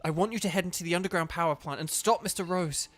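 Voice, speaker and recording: A man's voice: high voice, fast talker, a bit bright. An urgent, loyal secretary, read aloud by a man in a slightly raised, pleading voice. Faint game music plays behind her.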